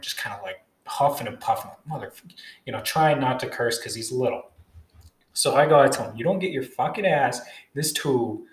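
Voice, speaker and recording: A young man telling a story casually, rambling and cursing often as he goes. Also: mid-range voice. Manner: rambling, profane, animated retelling. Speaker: storyteller vlogger. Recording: echoey room.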